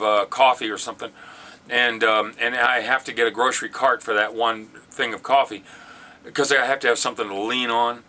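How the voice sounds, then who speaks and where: A man's voice: mid-range voice, sharp tone. An older man talking casually about his life, rambling and self-deprecating with many fillers and restarts. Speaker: vlogger sharing weight-loss experience. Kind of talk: casual personal monologue. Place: military base in Afghanistan.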